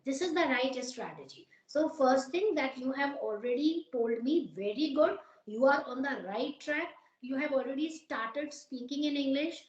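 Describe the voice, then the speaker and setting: A woman's voice: high voice, lively intonation, moderate pace, hardly any pauses, roomy sound, muffled recording. A woman from Uttar Pradesh with an Indian accent, an English teacher giving advice in a conversation, asking many rhetorical questions.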